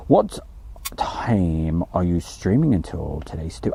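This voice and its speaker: A man's voice: deep voice, big pitch swings, slow, vocal fry, warm tone, breathy edge. A man hosting a casual live stream from outdoors by an airfield, chatty and joking as he reads out viewer messages.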